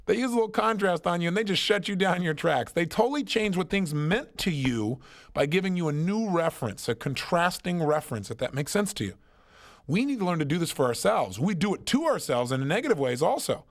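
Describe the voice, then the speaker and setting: Motivational guy on stage, pitch all over the place, punchy storytelling, sits a bit high. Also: expressive, a little fast. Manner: emphatic storytelling, rhetorical questions. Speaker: motivational speaker. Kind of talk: motivational seminar talk.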